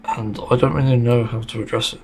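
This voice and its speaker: A man's voice: medium pitch, fairly even intonation, fast, slight background noise. A man hosting a casual solo podcast monologue, speaking bluntly and frankly, with plenty of swearing and the odd sarcastic aside. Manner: sarcastic at times. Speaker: podcast host.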